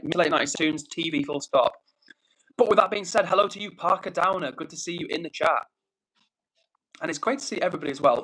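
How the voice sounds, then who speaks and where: A man in his thirties with an English accent, casually hosting a live stream, reading viewer comments aloud and giving friendly shout-outs. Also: fairly high pitch. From England. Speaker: livestream host.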